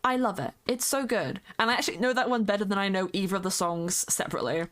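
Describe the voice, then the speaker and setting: A woman's voice: medium pitch, fast, fairly bright tone. A woman streamer chatting casually with viewers while she plays, greeting them by name and humming along to music. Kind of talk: casual live-stream chat while playing a game.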